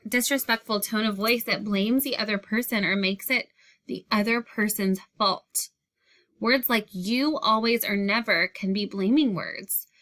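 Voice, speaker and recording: A woman's voice: mid-range voice, pushed and bright. A woman teaching a lesson to young children, patiently guiding them and repeating key phrases. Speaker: elementary school teacher.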